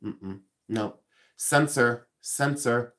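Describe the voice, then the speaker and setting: A man's voice: medium pitch, drawn-out words, a bit bright. Rambling self-mocking man in his fifties. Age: 50s. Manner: rambling and self-mocking, reads out viewer comments. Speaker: livestream host. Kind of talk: casual livestream chat.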